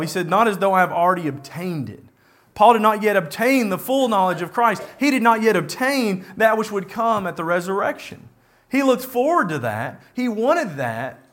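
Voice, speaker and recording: High-voiced man preaching a sermon. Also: a bit bright. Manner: earnest, repeats phrases for emphasis, reads scripture aloud.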